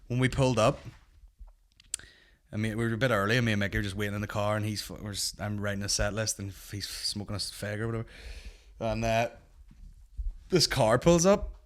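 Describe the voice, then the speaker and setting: A man's voice: on the low side, quick pace, pauses often, a bit bright. A young Northern Irish man hosting a comedy podcast, telling a rambling, sweary anecdote in casual chat. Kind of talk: casual storytelling.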